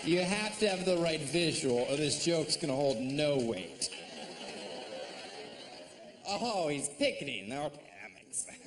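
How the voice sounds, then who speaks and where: A man doing a sardonic, mocking stand-up comedy set on stage, slipping into shrill put-on voices. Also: sing-song, unhurried, long pauses, a crowd in the background. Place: comedy stage before a live audience. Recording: live stage recording with audience noise.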